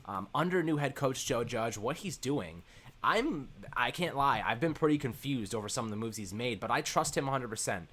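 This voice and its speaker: A man's voice: medium pitch, expressive, moderate pace, pushed and bright, breathy edge. A man hosting a sports podcast, talking upbeat and hyped in a loose, rambling way. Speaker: podcast host. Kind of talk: casual sports podcast chat.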